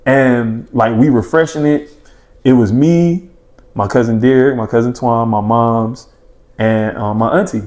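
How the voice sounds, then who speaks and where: A young man chatting casually as a podcast guest, telling stories in an animated, slangy way and acting out his own past thoughts and his friends' reactions. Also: medium pitch, measured pace. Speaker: podcast guest, former junior college basketball player. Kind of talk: casual storytelling in a podcast chat.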